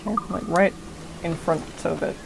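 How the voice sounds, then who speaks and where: A woman's voice: fairly low pitch, fairly even intonation, normal speed, gravelly, background noise. A woman in her thirties streaming a game, muttering to herself and talking back at it. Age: 30s. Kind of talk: casual gameplay commentary.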